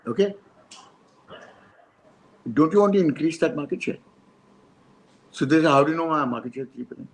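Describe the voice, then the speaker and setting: Older Indian man telling animated stories. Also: fairly high pitch, brisk, long pauses, poor audio. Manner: animated storyteller, acts out dialogue, mixes in Hindi. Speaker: advertising speaker. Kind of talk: storytelling talk.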